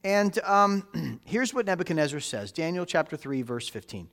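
A man delivers a sermon in a relaxed, conversational way, with a voice a little higher than most men's. He keeps checking in with his listeners through rhetorical questions and drives points home by repeating key phrases. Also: normal speed, hardly any pauses. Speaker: pastor.

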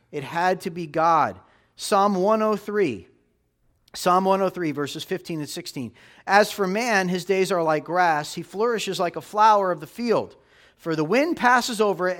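Guy preaching a sermon, kinda high voice, gets loud then drops way down. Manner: emphatic preaching with rising and dropping delivery. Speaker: pastor.

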